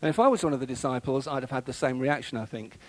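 A man's voice: mid-range voice, fast talker, no room sound, low-quality recording. A man preaching a sermon in a conversational way, with frequent fillers and restarts.

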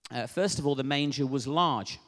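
A man giving a sermon in an earnest, unscripted way, pausing with fillers and restarting phrases. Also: mid-range voice, fairly bright tone. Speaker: preacher. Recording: long hall reverb.

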